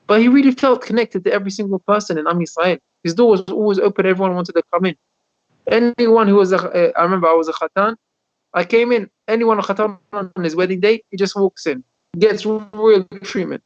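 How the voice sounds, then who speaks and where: A man, a rabbi, telling stories in a Torah class over a video call, animated and often repeating his words. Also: sits high. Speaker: rabbi teaching a Torah lesson. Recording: dull lo-fi video call audio.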